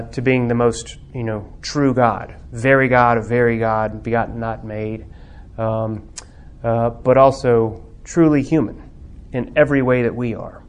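This man teaches a Bible class covering theology and religious art. His mid-range voice starts out thoughtful, full of pauses and filler words, before rising into fervent emphasis.

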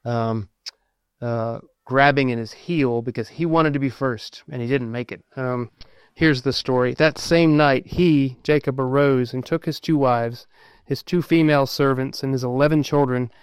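A man preaching a sermon, reading scripture aloud and explaining it, with many pauses and filler words as he thinks aloud. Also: mid-range voice, smooth, no echo. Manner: halting, many ums and uhs, thinking aloud.

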